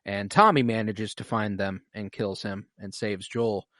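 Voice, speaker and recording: A man's voice: on the low side, unhurried, no echo, clean studio sound. A man co-hosting a podcast, recapping a TV episode in casual chat and swearing often as he acts out scenes. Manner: animated, swears a lot, acts out scenes emotionally. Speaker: podcast co-host.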